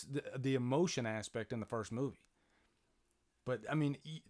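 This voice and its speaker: A man talks through a movie on a casual live stream from his home. He rambles in a chatty way, full of fillers and restarts, and stops now and then to answer viewers. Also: medium pitch. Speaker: channel host doing live movie commentary. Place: home, near a playing TV.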